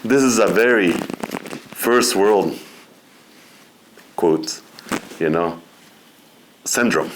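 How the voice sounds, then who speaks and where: A middle-aged man speaking as a guest at a seminar, relaxed and conversational, often saying "you know" and laughing between points. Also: low voice, extremely slow, pauses often, a little hiss or hum. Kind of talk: informal spiritual talk.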